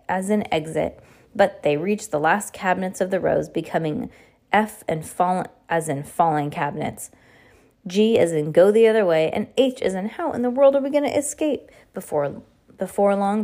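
A woman's voice: on the low side, darkish tone. A woman reading a novel aloud, often stumbling and correcting herself as she goes. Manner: frequent stumbles and self-corrections. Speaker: reader.

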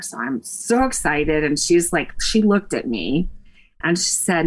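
A woman from Tennessee tells stories as a guest on a chatty interview show. Her voice is somewhat husky, and she laughs often. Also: sits low, measured pace. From Nashville, Tennessee. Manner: animated storyteller, laughs often. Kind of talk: casual chat.

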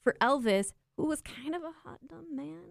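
A woman co-hosting a podcast, chatting casually and wryly about films in an animated way. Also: sits high, moderate pace, gravelly, dry recording, clean studio sound. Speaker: podcast co-host. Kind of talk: casual film review chat.

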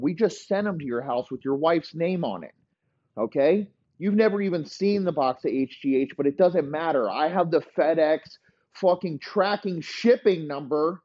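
A man voicing a foul-mouthed, scheming aging football executive in a gruff, low, menacing voice, swearing constantly. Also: dark tone, no room sound, dull audio.

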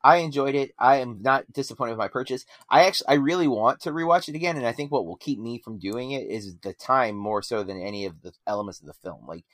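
A man in a casual film review chat, eager and rambling, stumbling over his own sentences. His voice sits at an ordinary pitch. The sound is dry and close, with no room behind it. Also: fast, hardly any pauses, a bit bright, no room sound. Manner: enthusiastic, rambling with frequent restarts.

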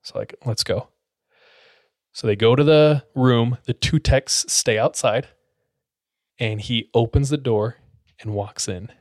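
A man's voice: mid-range voice, measured pace, no room sound. A man telling a creepy story to friends in a casual, suspenseful way with plenty of fillers, close to the mic. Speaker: podcast storyteller.

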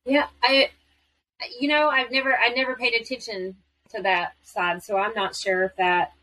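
A woman, former military spouse, talking in a casual conversation with animated storytelling. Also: fairly high pitch, normal speed, poor audio.

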